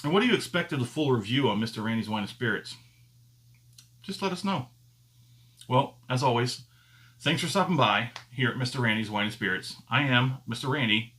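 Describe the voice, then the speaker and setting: A man hosting his own whiskey review channel, talking to camera in a casual, unhurried way and pausing often to find his words as he thinks aloud. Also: medium pitch, lively intonation, fairly bright tone.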